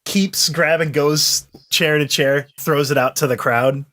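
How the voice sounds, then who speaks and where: A man's voice: a little high, steady tone, a little slow, pushed and bright. Man thinking aloud as a tabletop player. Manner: thinks aloud with many restarts. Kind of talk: tabletop role-play chat.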